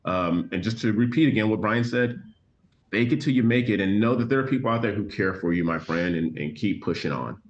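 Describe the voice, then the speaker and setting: A middle-aged man co-hosting a music reaction channel, reading viewer comments in an earnest, measured way with dry sarcasm. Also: on the low side, lively intonation. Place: home, remote from co-host. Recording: muffled lo-fi sound.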